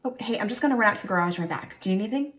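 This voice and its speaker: A woman's voice: medium pitch, animated, racing, a bit bright, echoey room. A woman giving casual comedic commentary with wry, self-mocking asides. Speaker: comedy content creator.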